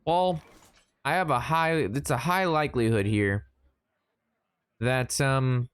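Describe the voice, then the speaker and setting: A man's voice: mid-range voice, slow, clean tone, dry recording. A young man streaming a card game, chatting casually with playful jokes and mock sportscaster asides. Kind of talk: casual gameplay commentary.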